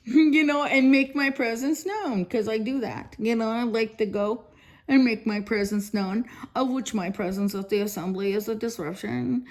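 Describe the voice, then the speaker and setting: A woman's voice: a little high, normal speed. A woman in her fifties telling a long rambling story for her vlog, repeating herself, laughing often and swearing bluntly. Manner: rambling, repetitive, laughs often between phrases; blunt and profane. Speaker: vlogger.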